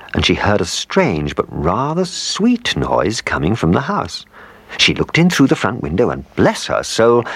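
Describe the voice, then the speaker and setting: A man's voice: fairly low pitch, slightly rough, dry recording. A man reading a children's story aloud, playful, with asides to the listener.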